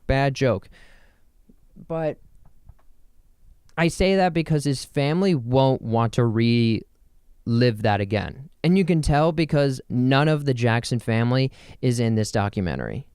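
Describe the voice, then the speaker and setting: A young man hosting a casual solo podcast from home, rambling and joking, and spelling words out loud as he goes. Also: medium pitch, expressive, a little slow, smooth, dry recording, studio quality. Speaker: podcast host. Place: home in New Jersey.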